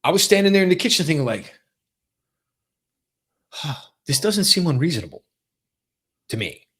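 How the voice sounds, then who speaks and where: Animated man in his forties, podcast host. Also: a little high, normal speed, slightly rough. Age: 40s. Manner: animated storytelling, quoting family members in lively voices. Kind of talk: casual solo podcast talk.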